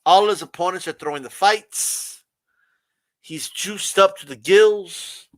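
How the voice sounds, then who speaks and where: A man's voice: sits high, slow pace, no echo. A man hosting a boxing channel, ranting sarcastically with profanity and frequent laughs. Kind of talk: sarcastic commentary rant.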